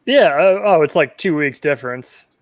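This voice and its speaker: A professional angler on a podcast, talking in a relaxed, easygoing way. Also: male voice, on the high side, moderate pace. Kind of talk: casual podcast chat.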